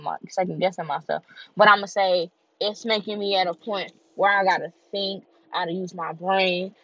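A woman's voice: lowish voice, dry recording. A woman vlogger talking in a candid, heartfelt freestyle monologue, repeating herself as she goes. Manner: candid, heartfelt, repetitive and conversational. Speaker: vlogger and podcaster. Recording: dull lo-fi recording.

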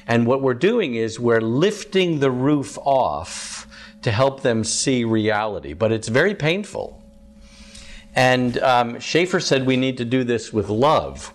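A man teaching a live group about evangelism as a campus minister, chatty, asking the audience questions, with frequent ums. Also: mid-range voice.

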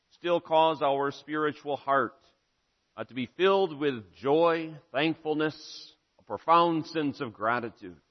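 Solemn preaching man in a reverberant hall. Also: a little high. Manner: measured, solemn preaching with rising emphatic repetitions. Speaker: pastor. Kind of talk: sermon. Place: church sanctuary. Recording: muffled sound with long hall reverb.

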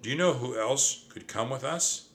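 A man voicing a bold, bossy young female mouse in a storybook read-aloud, brisk and coaxing. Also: mid-range voice, a bit bright, voice pushed up, lightly acted. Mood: pushy.

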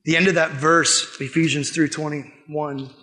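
A youth pastor preaching to students, earnest, with loud emphatic peaks that drop to hushed quiet lines. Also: male voice, on the high side, steady tone, unhurried. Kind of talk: sermon. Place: room with a youth group.

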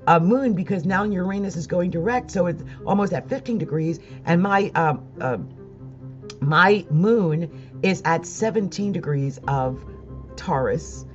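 A woman's voice: lowish voice, expressive, measured pace, dull audio, faint music behind. A woman vlogging about astrology, talking casually and emotionally, rambling with laughs and close to tears. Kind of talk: casual monologue to viewers.

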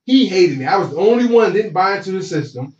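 Here a high-pitched man talks fast, a one-time college football player narrating a story with casual slang and animated reenactments of people's lines. It's captured in a roomy space, sounding dull and far away.

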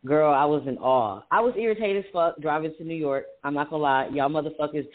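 A man co-hosting a casual podcast, telling stories in an animated way with heavy swearing. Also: a little high, fast. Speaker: podcast co-host and poet. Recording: tinny phone-like sound.

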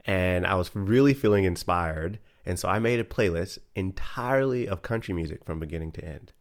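A man co-hosting a podcast in casual chat, an animated storyteller who swears freely. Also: on the low side, quick pace. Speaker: podcast co-host.

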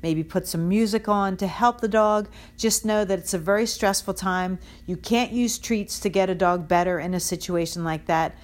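A woman's voice: medium pitch, moderate pace, hardly any pauses. A woman dog trainer giving casual, direct advice, talking it through with frequent ums and you-knows. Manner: direct and instructive, with many fillers.

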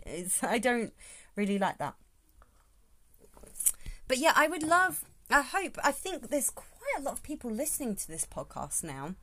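Chatty woman podcaster. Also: mid-range voice. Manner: chatty, rambling, thinking aloud. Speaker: podcast host. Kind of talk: casual solo podcast monologue.

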